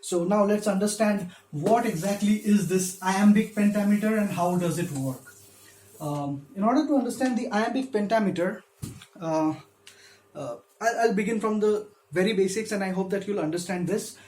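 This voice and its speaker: A man's voice: high voice, normal speed, a little mellow, slight background noise. A man who gives a literature lecture, patiently explaining step by step and stressing syllables when he demonstrates them. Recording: echoey room.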